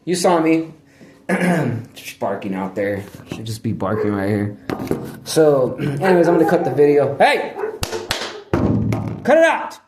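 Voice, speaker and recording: A man's voice: medium pitch, animated, unhurried, noisy background. A man talking in a loose, rambling vlog monologue, slangy and profane, sometimes breaking off to scold his dog. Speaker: vlogger. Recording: echoey room.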